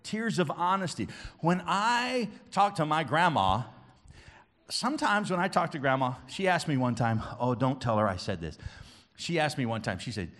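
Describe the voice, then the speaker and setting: A man leads a children's church service, his voice swinging widely from high shouts to quiet, earnest talk. The tone is bright and forceful, somewhat high for a man. He plays to a room of kids, teasing and coaxing them. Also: lively intonation, moderate pace. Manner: booming and playful with the kids, dropping to soft and earnest. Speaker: children's pastor. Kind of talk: lively children's church sermon.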